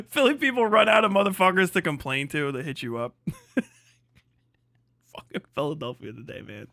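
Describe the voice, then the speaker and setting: A young man rants on a livestream, crude and sarcastic, laughing between jabs. His voice is a little high, and it comes out bright and cutting. The mic is close and dry. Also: sing-song, normal speed, dry recording. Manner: crude, sarcastic, laughs often, answers chat. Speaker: livestream host. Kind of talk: profane ranting stream chat.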